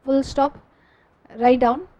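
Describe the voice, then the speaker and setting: A woman teacher with an Indian English accent, slowly dictating class notes and repeating each phrase for students to write down. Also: high voice, steady tone, mellow, dull audio.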